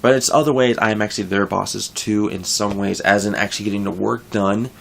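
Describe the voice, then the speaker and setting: A young man with a gravelly, low-pitched voice talks casually to his viewers. He rambles and corrects himself as he vents his frustration about work, in an unscripted vlog rant. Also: steady tone, a little fast. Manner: frustrated, rambling, with frequent restarts. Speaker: vlogger.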